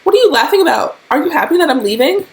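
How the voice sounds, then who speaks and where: A woman mocking her young female roommate in a high, whiny, exasperated voice. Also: fast talker, low-quality recording. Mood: accusing.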